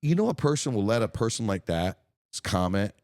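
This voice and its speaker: A man's voice: on the low side, big pitch swings, normal speed, darkish tone, dry recording, clean studio sound. A man hosting a casual podcast, talking in an emphatic, profane, ranting way. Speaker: podcast host.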